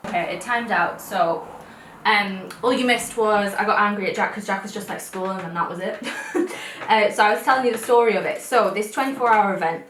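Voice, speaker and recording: A woman's voice: mid-range voice, fairly quick, a bit bright, a little hiss or hum. A young British woman vlogger, chatting and telling stories while eating, rambling with laughs. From United Kingdom. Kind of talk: casual mukbang chat. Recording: roomy sound from a distant mic.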